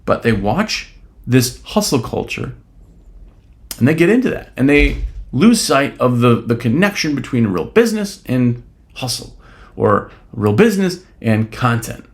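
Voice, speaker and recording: Speaking unhurriedly in a medium-pitched voice that swings widely, a podcast host airs his opinions solo. He's blunt and casually profane, leaning on rhetorical questions and saying "right?" a lot.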